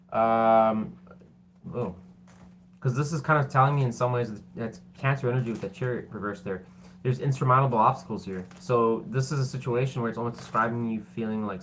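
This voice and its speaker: A man's voice: mid-range voice, a little hiss or hum. Guy doing a tarot reading, rambly and loose, lots of um and like, keeps apologizing and laughing at himself. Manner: rambling, loose, with many fillers; self-deprecating and apologetic. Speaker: tarot reader.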